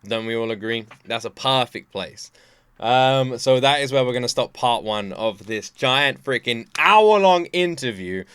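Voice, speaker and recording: An excitable man talking straight to camera for his reaction channel, voice leaping up high when he gets worked up. He laughs often and stumbles through restarts. The sound is close and dry. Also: unhurried, clear, resonant tone, dry recording. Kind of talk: casual reaction commentary.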